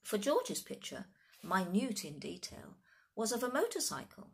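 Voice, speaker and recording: A woman reading a children's story aloud in an expressive, animated storytelling manner. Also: medium pitch, unhurried, vocal fry.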